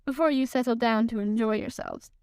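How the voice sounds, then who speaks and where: A woman's voice: a little high, brisk, a little mellow, clear, resonant tone, no room sound, natural voice. A woman reading a storybook aloud, voicing a gloomy, coldly sarcastic old male donkey. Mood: sardonic.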